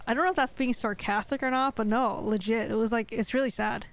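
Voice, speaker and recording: Pitched fairly high and a bit quick, her steady voice carries a casual gaming live stream. She wanders from topic to topic with many fillers, reading out chat and replying.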